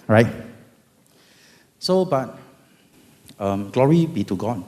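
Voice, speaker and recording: A middle-aged man with a Singaporean accent giving a dramatic, animated testimony at an event. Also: mid-range voice, slow, long pauses. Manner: animated, dramatic, bursts of loud emphasis. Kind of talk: storytelling testimony talk. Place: event hall. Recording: long hall reverb.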